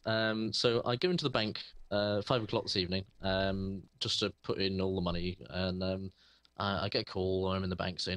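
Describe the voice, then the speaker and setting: A man's voice: sits low, little pitch movement, fairly quick, a bit bright, dry recording. A man who runs a computer repair shop, telling a story in casual chat with lots of fillers and restarts. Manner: rambling, hesitant storytelling with many fillers. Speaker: computer repair shop owner, podcast co-host.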